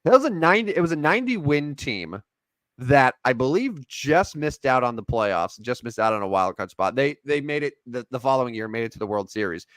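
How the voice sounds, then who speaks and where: Man, podcast co-host, rambling and jokey, very lively pitch, dry close sound. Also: brisk, no room sound. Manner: rambling, jokey, animated sign-off. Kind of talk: casual sports podcast chat.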